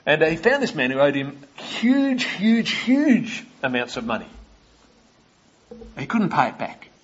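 A man's voice: a little high, sing-song, a little slow, breathy edge, dull audio. A man preaching a sermon, retelling stories and asking his listeners questions.

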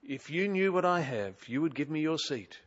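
A man's voice: a little high, animated, normal speed, natural voice. A man voicing a cheeky, audacious little old woman who pleads imploringly, on a dull lo-fi recording. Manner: imploring, hand on chest.

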